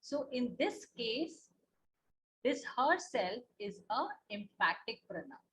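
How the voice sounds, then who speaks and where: High-voiced Indian English teacher. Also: female voice, big pitch swings, slow, fairly bright tone, low-quality recording. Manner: patient, repeats points, asks "na?" and "okay?". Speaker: online teacher. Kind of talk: online class lesson.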